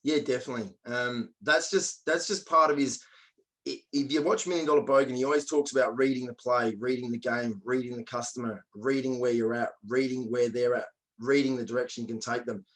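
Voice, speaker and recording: A man's voice: mid-range voice, steady tone, a little fast, a bit bright, poor audio. A man with an Australian accent co-hosting a podcast, talking in a blunt, matey and emphatic way. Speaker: podcast co-host. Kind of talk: casual podcast chat.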